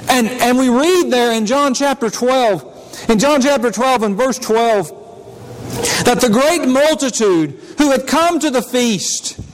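High-voiced man preaching in a reverberant hall. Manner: conversational preaching with frequent restarts and repetitions. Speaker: pastor. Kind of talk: sermon. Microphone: handheld or stand mic. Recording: long reverb of a large hall.

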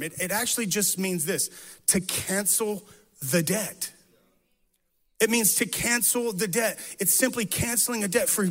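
A man's voice: high voice, fairly bright tone, big-room sound. A man preaching an earnest sermon, telling a personal story with emphatic, repeated phrases. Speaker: pastor.

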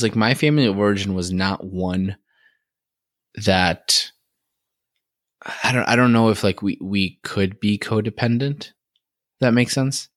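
Low-voiced rambling male podcast co-host. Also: no echo, studio quality. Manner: rambling, joking, quick restarts. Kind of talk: casual chat.

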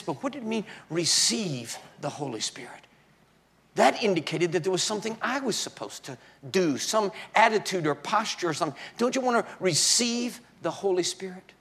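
A man preaching in a sermon, telling his own story with halting restarts and swings between hushed and loud moments. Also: high-pitched. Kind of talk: sermon testimony.

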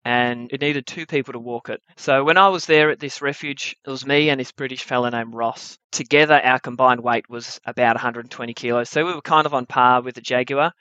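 A young man spins a true adventure yarn for a live audience, wry and animated, landing his jokes with easy timing. His voice sits at a middle pitch. The recording is a little muffled and dry, with no room echo. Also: fairly quick, few pauses. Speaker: storyteller. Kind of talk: live story-slam storytelling.

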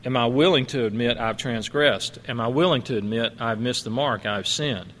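Pastor preaching in a reverberant church. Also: male voice, medium pitch, normal speed, fairly bright tone, slight background noise. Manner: conversational, laughing asides, quoting others in changed voices. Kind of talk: sermon. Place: church sanctuary. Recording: long reverb of a church hall.

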